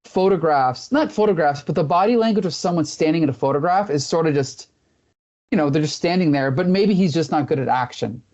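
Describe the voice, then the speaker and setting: A man's voice: fairly high pitch, fast, darkish tone. A man co-hosting a casual comics discussion, rambling and thinking aloud as he goes. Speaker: podcast co-host. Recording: dull lo-fi audio.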